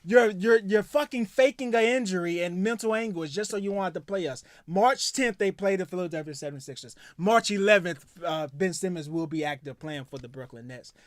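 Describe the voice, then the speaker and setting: A man's voice: high voice, brisk, hardly any pauses, no room sound. A man co-hosting a casual sports podcast, going into a heated, profane rant. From United States. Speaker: podcast co-host.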